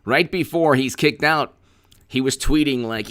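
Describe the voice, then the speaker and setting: A man's voice: mid-range voice, measured pace, a bit bright. A man hosting a political commentary livestream, talking in a sarcastic, rambling way with stammered repeats.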